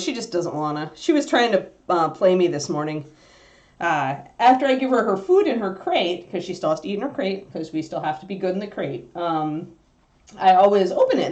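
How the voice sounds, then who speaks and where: A woman from Wisconsin hosting a casual livestream, chatting and talking to her puppy along the way. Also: mid-range voice. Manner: chatty, animated, talks to her dog. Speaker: host.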